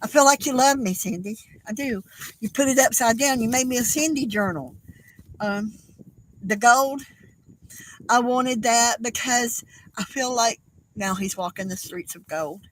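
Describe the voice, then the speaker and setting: Older woman, halting and tearful. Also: fairly high pitch, poor audio. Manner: tearful, halting, apologetic, with many fillers. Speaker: craft livestream host. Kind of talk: casual craft livestream chat.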